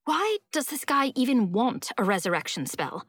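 An excitable young boy, breathless and urgent, his voice pitched up high and eager, as a woman reads him. His questions tumble out in a storybook reading with a dry, close sound. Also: moderate pace, no echo. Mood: pressing.

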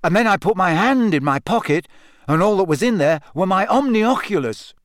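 A man's voice: high-pitched, animated, normal speed, no echo, clean studio sound, pitched above the performer's own voice. A man reading aloud, voicing an earnest, puzzled teenage boy in a storybook. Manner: thoughtful, plain.

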